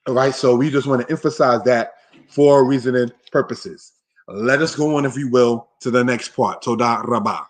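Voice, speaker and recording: A man giving a Hebrew lesson from slides, speaking to a computer microphone. He repeats himself often and calls his listeners brothers and sisters. He slows right down when he reads out each word. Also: mid-range voice, fairly even intonation. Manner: says vocabulary slowly and deliberately. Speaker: Hebrew teacher. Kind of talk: slide-based language lesson.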